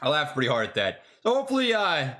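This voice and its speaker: Excitable, slangy young man streaming trades. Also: fairly high pitch, quick pace. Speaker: stock trading streamer. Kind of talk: casual livestream chat.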